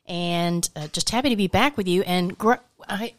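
A woman's voice: on the low side, normal speed, no room sound. A woman co-hosting a weekend radio show, chatting in a friendly way with a few fillers. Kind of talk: casual radio chat. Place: small home studio.

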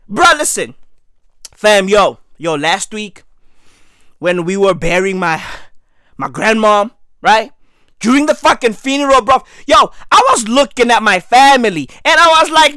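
A hoarse man losing his voice, delivering a loud, slangy comic rant that often breaks into shouting. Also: high voice, big pitch swings, measured pace, no room sound, clean studio sound.

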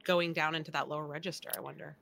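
A woman's voice: low voice, fairly even intonation, quick pace, gravelly, pushed and bright, slight background noise. A woman co-hosting a podcast, musing curiously aloud in casual chat. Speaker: podcast co-host.

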